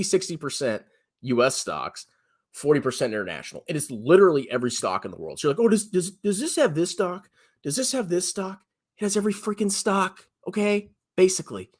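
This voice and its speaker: A man in his thirties talks straight to his viewers about money, blunt and sarcastic. His mid-pitched voice swoops a lot and often leaps high when he mocks someone. It sounds like an unscripted solo commentary. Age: 30s. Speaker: personal finance YouTuber.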